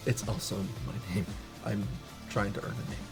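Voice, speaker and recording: A man playing in a tabletop game, speaking in character in a dry, deadpan way, over background music. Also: on the low side, moderate pace, vocal fry. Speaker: player. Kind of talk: in-character tabletop role-play.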